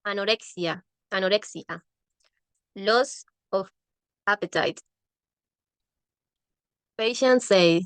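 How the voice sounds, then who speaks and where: A woman reading a medical English textbook aloud, halting and often restarting words. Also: medium pitch, clean tone, dry recording.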